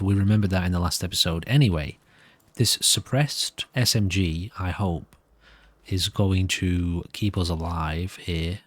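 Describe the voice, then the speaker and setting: A man's voice: low-pitched, dry recording. A nervous man giving rambling, self-amused commentary while playing a video game. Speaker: gameplay commentator.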